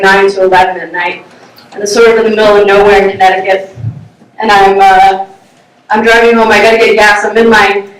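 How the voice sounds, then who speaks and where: Woman telling a story in a roomy hall. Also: mid-range voice. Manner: casual, self-mocking, laughs often. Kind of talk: live personal storytelling. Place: live stage before an audience. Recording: roomy sound from a distant mic.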